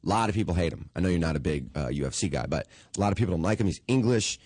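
A man with a very low voice talks fast in a loose, profane podcast chat, acting out little quotes as he tells stories. The sound is dry and close. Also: animated, darkish tone, no echo. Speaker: podcast co-host. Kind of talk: casual chat. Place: in Los Angeles.

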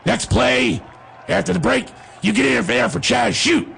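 A man playing a gruff head football coach who barks out orders. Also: high voice, very animated, unhurried, a bit bright, raised voice, a faint crowd, slight background noise, voice pushed up, heavily acted. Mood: barking. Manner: barking orders.

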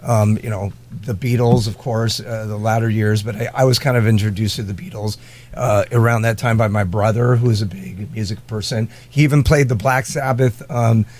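Middle-aged musician telling stories. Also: male voice, fairly low pitch, fairly even intonation, moderate pace, a little mellow. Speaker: guest musician. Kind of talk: casual chat.

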